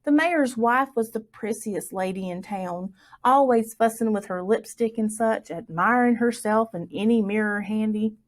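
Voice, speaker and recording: Storytime reader. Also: female voice, on the high side, normal speed. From Southwest Virginia. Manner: expressive, lilting storytelling. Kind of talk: reading a folktale aloud for children.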